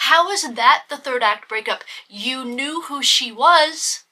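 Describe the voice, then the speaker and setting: A woman's voice: sits high, lively intonation, a little slow, few pauses, bright, forceful tone. A young woman reviewing a book casually, exasperated and swearing, with lots of "like".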